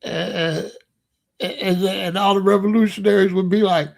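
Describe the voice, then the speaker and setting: A man's voice: sits high, steady tone, moderate pace, vocal fry. A man hosting his own channel, telling a personal story in a casual, rambling, emphatic way. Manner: rambling, emphatic, breaks into laughs. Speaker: channel host.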